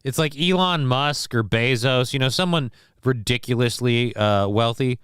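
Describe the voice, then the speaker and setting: A man hosting a livestream show, talking in a casual, rambling way with frequent swearing and halting fillers. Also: mid-range voice, fairly bright tone, smooth, no echo, studio quality.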